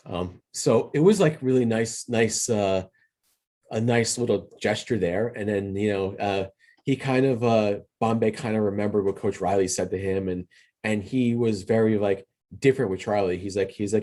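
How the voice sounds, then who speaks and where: A man's voice: lowish voice, moderate pace, warm tone. A man hosting a podcast, giving a casual solo movie review. He rambles, retells scenes loosely with many restarts, and speaks in an earnest, sentimental way. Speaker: podcast host.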